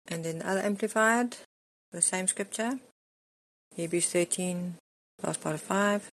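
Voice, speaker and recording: A woman's voice: fairly low pitch, measured pace, long pauses, a bit bright. A middle-aged woman preaching a sermon, earnest and emphatic as she reads and explains scripture.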